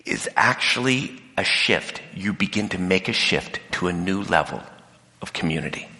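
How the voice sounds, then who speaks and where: A man giving an animated talk to an audience, acting out the voices of the people he quotes. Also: deep voice, normal speed. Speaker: speaker. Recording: long hall reverb.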